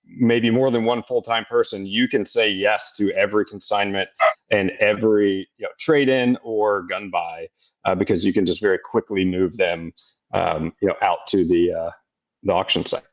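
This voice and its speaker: Low-voiced man on a dull call line. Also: fairly even intonation, moderate pace. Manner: loose and rambling, full of "you know". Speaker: guest business partner. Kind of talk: conversational webinar explanation.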